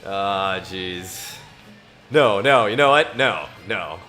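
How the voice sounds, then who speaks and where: A man's voice: deep voice, animated, takes it slowly, pushed and bright, faint music behind. A man chatting to himself while playing a racing game, laughing often and reading scripture aloud in between. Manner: self-amused, laughs often, talks to himself. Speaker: gamer. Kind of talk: casual gaming commentary mixed with scripture reading.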